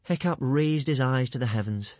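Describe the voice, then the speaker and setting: A man reading a storybook aloud in a lively, expressive manner. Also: mid-range voice, moderate pace, no room sound. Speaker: narrator.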